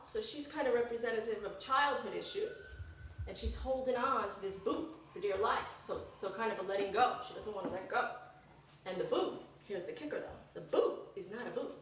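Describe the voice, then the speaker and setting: A middle-aged woman performing a personal story live, lively and acting out the voices of the people in it. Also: on the high side, slight background noise. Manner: animated, acts out voices. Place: performance room. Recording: echoey room from far off.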